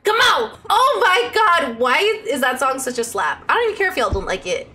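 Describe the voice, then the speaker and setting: A young adult woman streaming a game live, chatting excitably with her viewers and squealing as she plays. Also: high voice, normal speed, over music. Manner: excitable, squealing, talks to chat. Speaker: Twitch streamer.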